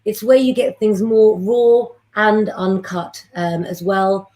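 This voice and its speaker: A woman's voice: mid-range voice, takes it slowly. A woman, hosting a live astrology stream and chatting with viewers in a rambling way. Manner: warm, chatty, rambling, gives readings to viewers by name.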